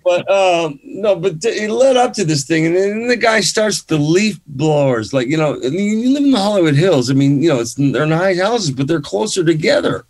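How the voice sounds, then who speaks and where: A man telling a story as a guest musician in a casual chat, animated, swearing freely and restarting often. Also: a little high, moderate pace, few pauses.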